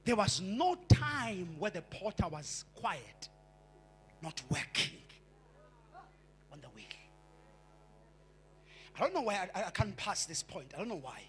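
A man's voice: high voice, big pitch swings, measured pace, pauses often, fairly bright tone, a little hiss or hum. A male pastor with a Xhosa accent preaching a fervent sermon, repeating and stammering into his points and mixing English with isiXhosa. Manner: switches between English and isiXhosa. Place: church.

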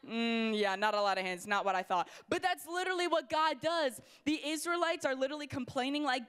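A young woman preaching to a youth crowd with a bright, fairly high voice. She is energetic and playful, calling out to the room as she goes. Her delivery is conversational and full of asides. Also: a little fast, hardly any pauses, clean tone. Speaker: youth pastor. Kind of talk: youth sermon. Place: church hall before a youth crowd.

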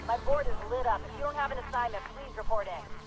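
A woman voicing a brisk police dispatcher. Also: a little high, faint music behind, close to an everyday voice. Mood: businesslike.

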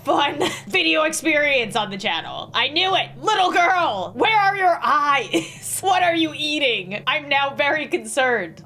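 Young female gamer: bright, lively, nervous laughter, reads questions aloud, faint music underneath. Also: on the high side. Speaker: gaming YouTuber. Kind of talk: reacting aloud while playing a horror quiz game.

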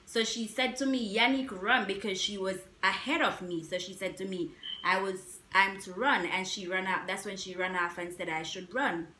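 A young woman vlogger telling a story in a casual, animated way, repeating herself with emphatic asides. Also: medium pitch, moderate pace, slight background noise. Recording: echoey room.

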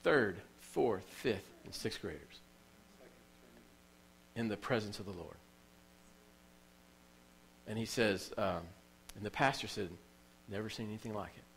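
Male pastor, lowish voice, emotional storytelling sermon delivery with emphatic repetition. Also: expressive, takes it slowly, gravelly, pauses often, a little hiss or hum, rough recording. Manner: emotional storytelling preacher, repeats phrases for emphasis. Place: church.

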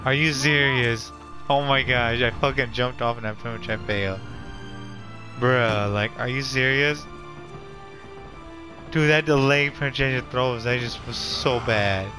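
A man's voice: mid-range voice, a little slow, long pauses. Frustrated, swearing young gamer man. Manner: frustrated, swearing, rambling reactions. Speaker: gaming commentator. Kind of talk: casual live gameplay commentary. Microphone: gaming headset. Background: loud game music.

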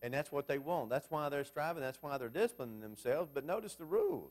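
A man's voice: a little high, big pitch swings, fast, a little mellow. A man preaching a Bible class sermon in a conversational way, asking the congregation questions as he goes.

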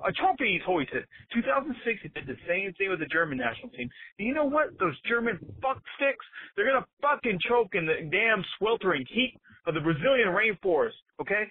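A man's voice: sits high, very animated, a little fast, breathy edge, no echo. Profane man ranting on a voicemail. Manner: profane, agitated and worked up. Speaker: soccer fan leaving a voicemail. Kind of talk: voicemail rant. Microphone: phone. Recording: tinny phone voicemail line.

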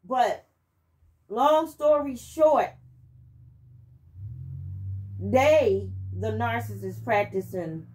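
A woman sharing a personal testimony as she hosts her channel, telling it in an animated, emphatic way and speaking directly to her listeners. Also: on the high side, extremely slow, long pauses. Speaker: channel host giving testimony.

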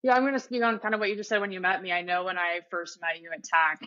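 Bright-voiced woman on a dull line. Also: fairly low pitch, steady tone. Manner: friendly, quick, with many fillers. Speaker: podcast guest, strength coach. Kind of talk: casual interview chat.

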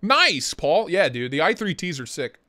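A man hosting a casual livestream, talking in an excitable, slangy way and swearing freely. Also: a little high, normal speed. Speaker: livestream host.

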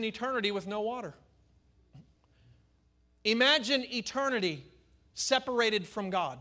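A man's voice: high-pitched, animated, unhurried, pauses often, sharp tone. A man preaching a fervent sermon as pastor, building rhythmic repeated phrases.

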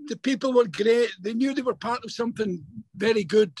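An older man, an actor, telling stories in a remote interview over a video call, halting and repeating words as he goes. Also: very high-pitched, poor audio. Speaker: actor guest. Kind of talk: remote interview, casual storytelling.

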